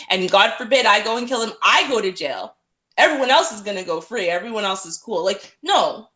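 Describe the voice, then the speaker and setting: A woman speaking with passion on a live discussion panel, arguing forcefully. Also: medium pitch. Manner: impassioned, mocking pleading voices. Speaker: panel guest.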